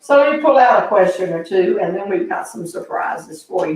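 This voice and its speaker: A woman's voice: medium pitch, animated, darkish tone, heavy reverb, distant mic, poor audio. An older woman, hosting a live show and telling stories in a chatty, folksy way. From American South. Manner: folksy, chatty, drawn-out delivery. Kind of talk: casual storytelling to online viewers. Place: back porch outdoors.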